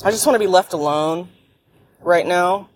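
A woman's voice: fairly low pitch, moderate pace, slightly rough. A woman vlogging in a car after a sleepless night, ranting in a blunt, profane and irritable way. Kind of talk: casual rambling monologue. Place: in a car while driving. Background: faint road and vehicle noise.

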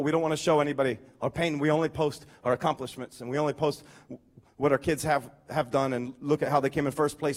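A pastor giving a lively, conversational sermon with emphatic points and humorous asides. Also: male voice, a little high.

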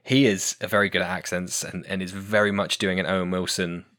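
A man's voice: low-pitched, little pitch movement, brisk, a bit bright. A man chatting casually as a podcast guest about tabletop games, rambling and correcting himself as he goes, with frequent laughs. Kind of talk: casual chat.

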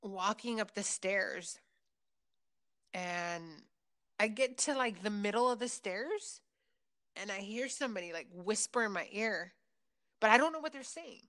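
A woman in her thirties hosting a casual chat, telling a personal story with many fillers and lively retelling. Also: mid-range voice, a little slow, pauses often.

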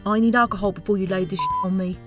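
A woman's voice: mid-range voice, steady tone, quick pace, over music, close to an everyday voice. A woman voicing a sarcastic, exasperated young witch in an audiobook. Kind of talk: audiobook character reading.

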